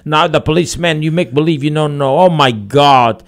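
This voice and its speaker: A high, loud, scolding wife who talks in broken English and piles on complaint after complaint, voiced by a man telling a joke. She sounds fed up and relentless. It is heard in a radio studio. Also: natural voice. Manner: nagging, loud, rapid complaints.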